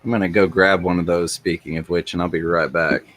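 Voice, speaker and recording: A man with a low, deep voice, chatting on a podcast. He is laid-back and wry, easing into his sentences. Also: steady tone, brisk, fairly bright tone. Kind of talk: casual chat.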